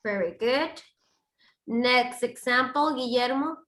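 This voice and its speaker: Bright-voiced woman teaching English grammar. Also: fairly high pitch, takes it slowly, echoey room, rough recording. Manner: explains step by step with examples. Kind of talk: online grammar lesson.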